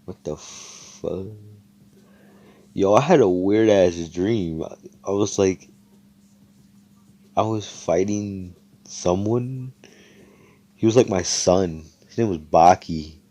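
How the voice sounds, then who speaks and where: Low-voiced rambling young man. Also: slow pace, pauses often, warm tone, dry recording. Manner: rambling, slangy, swearing, many fillers. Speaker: storyteller. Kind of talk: improvised fan fiction storytelling.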